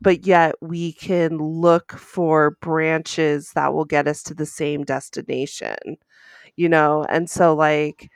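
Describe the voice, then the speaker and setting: Woman, unhurried delivery, gushing fan, casual podcast chat, dry close sound. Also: low-pitched, little pitch movement, smooth, no room sound. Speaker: podcast co-host.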